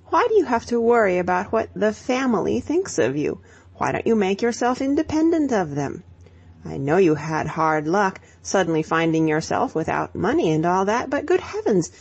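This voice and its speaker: A woman's voice: on the low side, darkish tone, husky, lo-fi sound, exaggerated voice. Woman voicing a spirited, emphatic young woman. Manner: emphatic, lecturing, exclamatory. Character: spirited young woman giving brisk advice.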